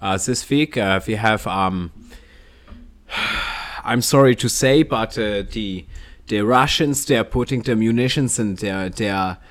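A man voicing a mock German male newsreader in a put-on German accent, with halting, drawn-out parody delivery. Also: lowish voice. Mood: mock-solemn. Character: mock German male newsreader, grave then party-mad.

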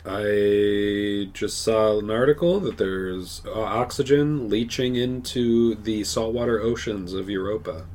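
A man's voice: on the low side, measured pace, hardly any pauses, a little mellow. A man co-hosting a podcast, chatting casually, agreeable, giving frequent short yeahs and plain explanations. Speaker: podcast co-host. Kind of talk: casual chat.

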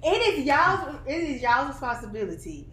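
A woman hosting a casual podcast chat, arguing in a lively, emphatic way. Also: sits high, moderate pace. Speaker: podcast host. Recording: echoey room, faint noise.

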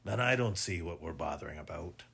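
A man voicing an old sea captain, uneasy and stiff, quick to grumble. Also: very deep voice, animated, vocal fry, sharp tone, slightly rough, heavily acted. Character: old male sea captain, cautious and easily irritated.

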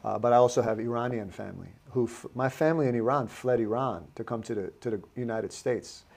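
A man hosting a casual podcast, talking in halting bursts with frequent restarts. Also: medium pitch, gravelly, darkish tone, slightly rough. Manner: halting, restarts his sentences. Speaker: podcast host.

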